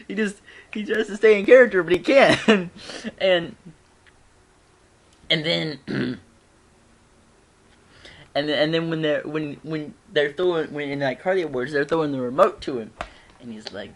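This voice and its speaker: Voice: mid-range voice, unhurried, long pauses. A fan reviewer chatting casually at home, rambling with frequent giggles and restarts.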